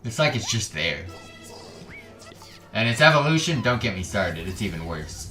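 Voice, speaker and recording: A man's voice: on the low side, very animated, normal speed, sharp tone, echoey room, faint music behind. A man streaming casual reaction commentary, sarcastic and often trailing off mid-sentence. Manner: sarcastic, trailing off, self-interrupting. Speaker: gaming streamer reacting to videos.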